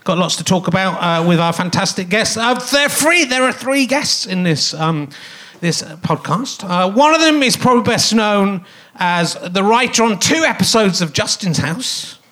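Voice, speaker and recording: A man's voice: high voice, animated, normal speed, bright, forceful tone. A man hosting a comedy podcast live on a theatre stage, rambling through self-mocking stand-up stories and chuckling at his own jokes. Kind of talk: live stand-up style monologue.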